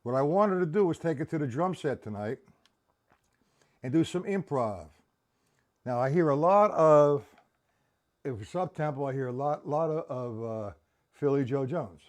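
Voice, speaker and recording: A man's voice: fairly high pitch, expressive, moderate pace, pauses often, darkish tone. A man teaching a live-streamed drum lesson, counting beats aloud and checking in with viewers.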